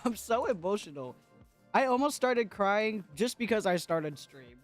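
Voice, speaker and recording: A playful man livestreaming a game, chatting and laughing with his viewers. His voice sits high and bounces around a lot, with soft music playing faintly behind him. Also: expressive, measured pace. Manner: chatty, playful and giggly, talks to chat. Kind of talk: casual gaming livestream chat.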